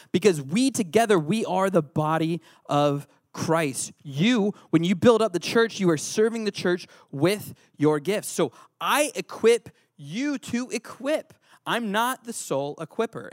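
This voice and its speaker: A man's voice: fairly high pitch, dry recording, studio quality. A man preaching a youth sermon, playful and teasing the audience. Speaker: youth pastor.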